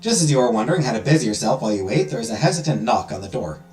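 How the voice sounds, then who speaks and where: A man's voice: mid-range voice, lively intonation, rapid-fire, darkish tone. A man hosting a let's play, reading a visual novel aloud with dramatic storytelling and joking asides. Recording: roomy echo with music behind.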